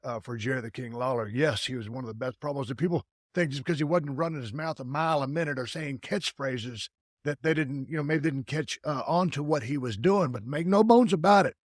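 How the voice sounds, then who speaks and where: A man's voice: mid-range voice, brisk, no room sound, studio quality. A man hosting a podcast conversation, talking in a folksy, blunt way with casual cursing. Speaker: podcast host.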